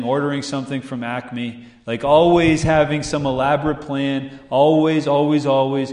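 Pastor, man, animated storyteller with rhetorical questions, roomy church sound. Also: mid-range voice. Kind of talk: sermon. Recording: echoey room.

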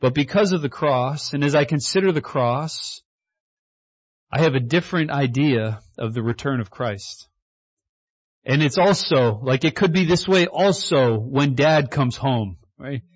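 A man preaching a sermon as pastor, in a conversational style that acts out quotes and builds to excited shouts. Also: medium pitch, unhurried, slightly rough, lo-fi sound.

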